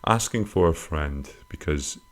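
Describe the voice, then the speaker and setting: A man hosting a casual comic podcast, rambling through listener questions with crude, self-mocking humor and sudden squeaky jokey swings. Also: lively intonation, a little slow.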